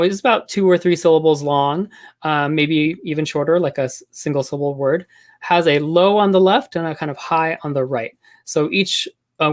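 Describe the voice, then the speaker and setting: A male linguistics lecturer gives an academic talk, measured and thoughtful, pausing often and using fillers. His pitch is fairly high.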